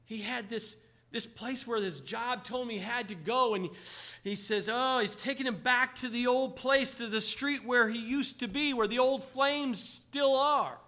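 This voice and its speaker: Bright, high-voiced man preaching. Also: a little slow. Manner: storytelling, exclaiming, emphatic. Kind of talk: sermon.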